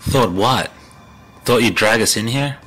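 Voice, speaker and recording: A man's voice: mid-range voice, lively intonation, measured pace, breathy edge, faint music behind, voice pushed down, rough recording. A man voicing an irritated teenage boy who talks in a curt, dismissive way.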